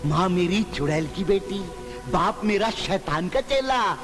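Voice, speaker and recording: A cackling villain henchman from a 1990s Bollywood film, boasting in rhyme at a breakneck pace. His voice sits high. It rings with a long reverb over music. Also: lively intonation, very fast, fairly bright tone. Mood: boastful. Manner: rhyming self-introduction.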